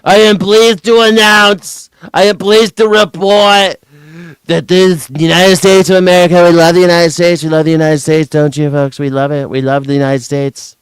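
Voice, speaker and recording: A man voicing a pompous, boastful older male president who rambles slowly and loudly in a mocking impression. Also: a little high, little pitch movement, clean tone, no echo, lightly acted, low-quality recording. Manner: slow, loud, self-congratulating speech.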